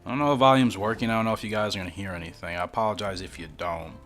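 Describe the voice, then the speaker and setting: A man's voice: lowish voice, steady tone, rapid-fire, fairly bright tone, faint music behind. A man casually commenting as he plays a mobile game for his channel, rambling along with self-deprecating asides. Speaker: gaming YouTuber.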